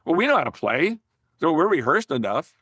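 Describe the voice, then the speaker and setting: An older man, a former record promoter, telling animated, profane stories as a podcast guest, often restarting his sentences. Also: on the high side, fairly quick, dry recording, clean studio sound. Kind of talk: casual storytelling in a podcast interview.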